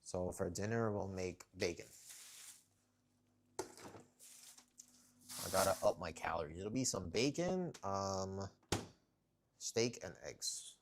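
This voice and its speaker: A man with a deep, low voice chats loosely with his viewers on a home live stream. He talks through his workout and tells off his cats now and then, with the cats heard in the background. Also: noisy background. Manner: chatty, talks to viewers and cats while working out. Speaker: livestreamer. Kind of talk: casual live-stream chat. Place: home, kitchen corner.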